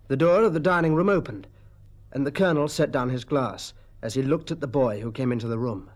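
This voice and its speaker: A man narrating a storybook in an expressive, dramatic style. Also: medium pitch.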